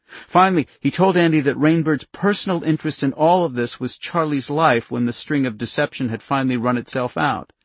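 Gravelly, husky male narrator, dry and close. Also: a little high, fairly quick, no echo. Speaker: audiobook narrator. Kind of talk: scripted narration.

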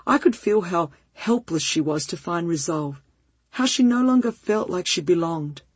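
A woman reading a first-person story aloud in a gentle, heartfelt and measured way, with a breathy voice. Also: on the low side, expressive, no room sound. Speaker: narrator.

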